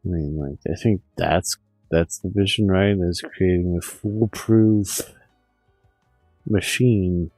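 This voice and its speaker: A man's voice: low-pitched, fairly even intonation, slow pace, warm tone, no echo, soft background music, low-quality recording. A man streaming a profane, meandering rant full of restarts. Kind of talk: rambling monologue.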